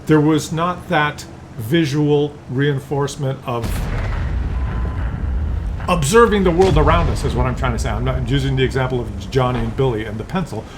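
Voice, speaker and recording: A man talking as a YouTube commentator in a loose, rambling way, with many fillers and restarts. His pitch sits in an ordinary middle range. A steady noise runs clearly underneath the recording. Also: moderate pace. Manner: drops into brief acted voices for examples. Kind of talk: casual video commentary.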